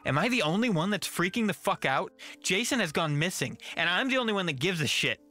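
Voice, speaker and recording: A man narrating a first-person horror story with a tense, measured reading. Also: sits high, sing-song, sharp tone, faint music behind.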